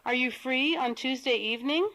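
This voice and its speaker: A woman's voice: high voice, normal speed, sharp tone, rough recording. A woman voicing a welcoming hostess in a textbook audio dialogue, speaking in a hospitable way. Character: welcoming hostess inviting a friend.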